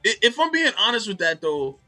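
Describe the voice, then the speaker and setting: A man co-hosting a casual chat, telling stories with animated acted-out quotes. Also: high-pitched, fairly quick, soft background music.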